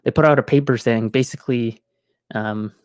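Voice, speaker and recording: A man's voice: mid-range voice, normal speed, clear, resonant tone, dry recording. A man streaming from home, chatting casually into a close mic, rambling with many fillers and restarts. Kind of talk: casual live-stream chat.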